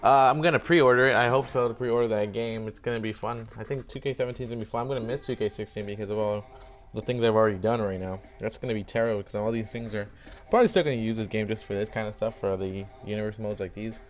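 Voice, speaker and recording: A man's voice: on the low side, quick pace. A young man commentating a video game draft in a casual, playful way, acting out the teams' reactions. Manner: animated, playful, acts out brands in voiced quotes, swears casually. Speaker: gaming commentator.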